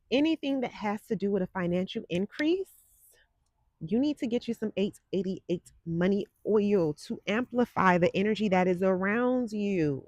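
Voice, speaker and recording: A woman's voice: medium pitch, darkish tone, no echo. Sassy forties lady doing a psychic live stream, chatty, talks right to the chat, dry close mic sound. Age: 40s. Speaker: psychic livestream host. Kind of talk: casual livestream chat. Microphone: desk microphone.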